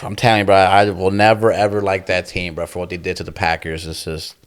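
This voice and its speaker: A man's voice: low-pitched, flat delivery, fairly quick, smooth. Young guy cohost, talks slang, swears, says bro every line. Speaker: podcast co-host. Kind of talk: casual sports chat.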